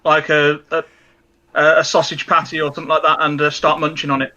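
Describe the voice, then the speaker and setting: A man's voice: a little high, flat delivery, brisk, sharp tone. A man playing a tabletop game, jokey and upbeat. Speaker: player. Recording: dull lo-fi mic.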